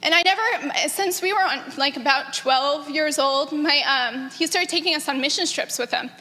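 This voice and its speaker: Bright high-voiced woman in an echoey hall. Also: normal speed. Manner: earnest and animated, often laughing. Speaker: granddaughter sharing memories. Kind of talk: personal testimony to a gathering.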